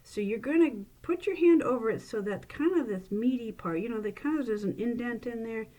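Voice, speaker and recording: A woman's voice: fairly high pitch, brisk, warm tone. Chatty woman showing coin tricks. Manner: chatty and playful, laughs at her own slips. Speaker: librarian demonstrating magic tricks. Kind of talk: casual how-to demonstration. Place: library. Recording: noisy room with clicks.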